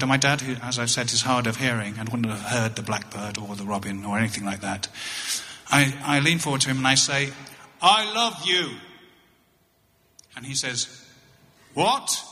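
A middle-aged English man telling a wry story on stage as a touring comedian, halting and often repeating his words. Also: medium pitch, sharp tone. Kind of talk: storytelling stand-up. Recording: echoey hall.

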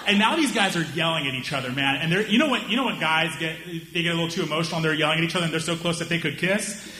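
A young man tells a stand-up story with a bright, slightly high voice, jumping into the voices of his friends and the people he meets. Faint noise sits behind him. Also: very fast. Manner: animated, acts out voices of friends and strangers. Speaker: stand-up comedian.

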